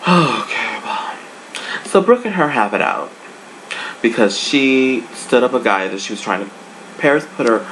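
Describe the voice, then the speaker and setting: An adult speaker giving a sassy, gossipy casual review, swinging the pitch up and down for effect. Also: fairly bright tone, a little hiss or hum, poor audio. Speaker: online show reviewer.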